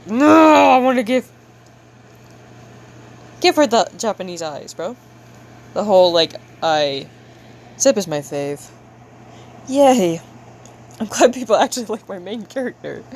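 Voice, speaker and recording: A woman's voice: fairly low pitch, sing-song, normal speed, darkish tone, a little hiss or hum. A young woman chatting casually with her viewers while she draws on a livestream, playful and slangy, making a show of being frustrated. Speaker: livestreamer drawing for chat.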